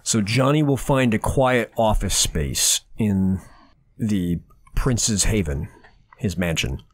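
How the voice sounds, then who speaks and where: Brief: male player, casual in-character talk, low voice, dry recording. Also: expressive, slow, dry recording. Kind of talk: playing a tabletop game.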